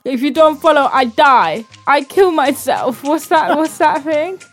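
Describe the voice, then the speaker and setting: A woman's voice: high-pitched, measured pace. A young woman co-hosting a podcast in casual chat, teasing her partner with jokey asides, with faint music under the voice. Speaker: podcast co-host.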